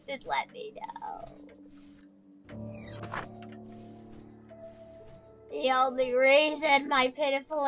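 A sulking male animatronic bear who feels everyone has forgotten him, voiced by a performer. He talks slowly and high in a whiny, rambling, self-pitying way. His tone is bright, and faint music plays behind him. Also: exaggerated voice, low-quality recording. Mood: indignant. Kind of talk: casual comedic skit.

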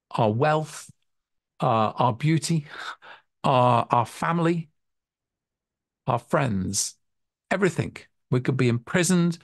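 A man speaks earnestly in a mid-pitched, gravelly voice, thinking aloud and often restarting his sentences. The sound is dry and close, with no room around it. He talks as a hypnotherapy tutor reflecting on his path. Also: no echo. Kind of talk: reflective webinar talk.

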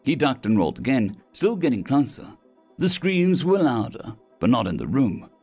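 A male narrator reads a science-fiction story in a dramatic, expressive way. His mid-range voice rises and falls with animation. Soft music plays quietly under him. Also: medium pitch, normal speed, creaky, breathy edge. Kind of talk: scripted sci-fi story narration. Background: faint background music.

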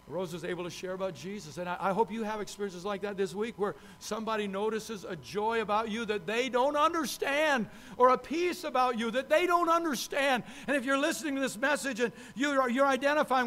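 A man's voice: sits high, a little fast, a bit bright. A man, a pastor, preaching a sermon with emphatic, repeated phrases.

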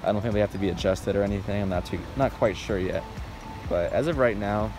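A man talking casually and excitedly to the camera in a DIY vlog while working on his truck outdoors, often saying "dude" and "bro". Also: fairly low pitch, fast talker, over music. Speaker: DIY car vlogger.

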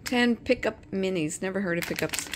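A woman's voice: medium pitch, normal speed, background noise. A middle-aged woman, the vlogger's mother behind the camera, giving short replies and reading out snack labels.

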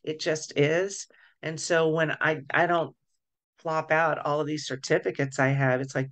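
A woman's voice: sits low, little pitch movement, unhurried. A woman co-hosting a casual podcast chat as an energy healer, thinking aloud with frequent restarts.

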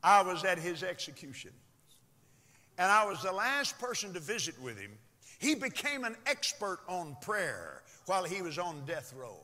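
A man preaching a sermon in a church, dramatic and swinging from loud shouts to hushed whispers. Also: high voice, very animated, normal speed. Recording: long reverb of a large hall.

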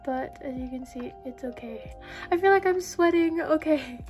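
High-voiced young woman, gushing vlogger opening mail, music underneath. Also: moderate pace. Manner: excitable, gushing, breathy exclamations. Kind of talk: unboxing haul vlog. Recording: background music.

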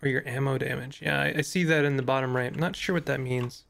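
A young man giving casual, rambling commentary while playing a game, with a voice that is going hoarse. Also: mid-range voice, fairly even intonation, quick pace, fairly bright tone. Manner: rambling, many fillers and restarts. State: losing his voice. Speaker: gaming YouTuber.

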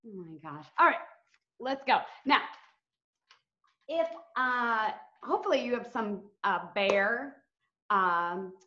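A woman's voice: fairly high pitch, animated, slow pace, long pauses, sharp tone, highs cut off. A woman teacher leading a virtual lesson for young children, bubbly, giggly and chatty. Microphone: video call.

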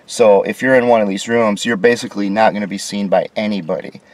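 A man's voice: lowish voice, fairly even intonation, quick pace, no echo. A man from the United States walking through a small hotel room on camera, complaining with sarcasm and indignation. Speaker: vlogger reviewing a hotel room. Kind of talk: casual walkthrough narration.

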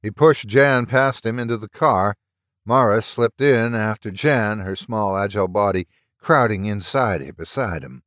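A man narrating a horror story at a steady, measured pace, close to the mic. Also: on the low side, no echo. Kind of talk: audiobook reading of a story.

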